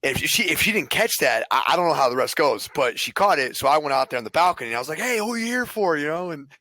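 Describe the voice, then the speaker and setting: A man on a casual podcast, telling a story in an animated, profane way with stumbling restarts. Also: fairly high pitch, very fast, no room sound.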